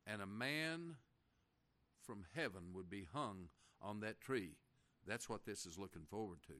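A man preaching a folksy sermon, reading scripture slowly and asking the congregation questions. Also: medium pitch, fairly bright tone. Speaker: pastor.

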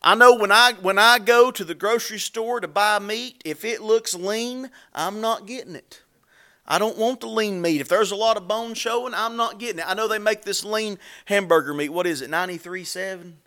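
A man preaching a sermon in a folksy, conversational way, with repetitions and asides, growing louder when he acts out scripture. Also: a little fast. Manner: rises in pitch and volume when dramatizing scripture.

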